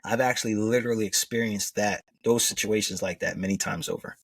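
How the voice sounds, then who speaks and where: Middle-aged man, coach guest. Earnest storyteller, husky and low, recorded dry from a bit back from the mic. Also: brisk, no echo, distant mic. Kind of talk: conversational podcast interview.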